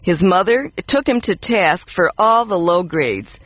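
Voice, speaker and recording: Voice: medium pitch, unhurried, dry recording. A co-host reading mock ads and jokes aloud, with playful emphasis. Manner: lively, expressive read with playful emphasis.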